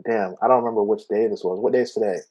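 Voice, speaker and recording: A man co-hosting a podcast, telling a story in casual chat, animated and laughing as he acts out what people said. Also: lowish voice, racing, breathy edge, poor audio. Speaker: podcast co-host.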